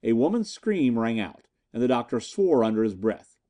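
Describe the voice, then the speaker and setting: A man narrating a pulp adventure story as an audiobook reading, with lively storytelling. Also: medium pitch, moderate pace.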